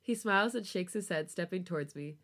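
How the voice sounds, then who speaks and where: A woman reading a romance story aloud on a podcast, with a relaxed storytelling voice. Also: lowish voice, brisk. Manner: laughs often, giggly reactions. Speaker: podcast host reading fan fiction aloud.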